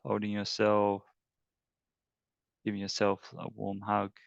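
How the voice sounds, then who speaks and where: A man with a gravelly yet smooth, resonant voice guides listeners through a tapping exercise, pausing often and filling gaps with ums. The sound is dry and close, recorded on a slightly dull, lo-fi line. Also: on the low side, completely flat delivery, no room sound. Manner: halting, filler-heavy, earnest. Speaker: emotional wellness teacher.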